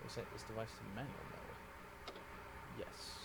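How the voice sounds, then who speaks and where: A man's voice: fairly low pitch, little pitch movement, a little slow, background noise. A Scottish man casually commenting on a live game stream, rambling and correcting himself as he plays. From Scotland. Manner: rambling, self-correcting, giggly.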